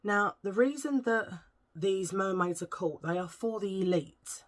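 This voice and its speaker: Chatting casually on her vlog, a middle-aged woman tells a meandering story, eating as she speaks and pausing to find the right words. She has a medium-pitched voice and a measured pace.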